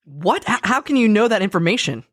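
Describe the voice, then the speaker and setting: A man's voice: sits high, very animated, a little fast, fairly bright tone, dry recording, studio quality. A man hosting a comedy podcast, flustered and exasperated. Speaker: podcast host.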